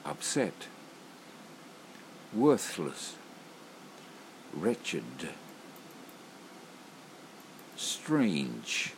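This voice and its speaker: A man reading a list of emotion words aloud one at a time, slow and deliberate, with pauses between words. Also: very deep voice, gravelly, darkish tone, a little hiss or hum.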